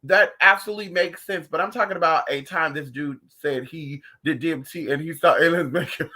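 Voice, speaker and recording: A livestream host telling gossipy stories in a profane, animated way, talking straight to the viewers. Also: medium pitch, brisk, a little hiss or hum. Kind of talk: casual livestream chat.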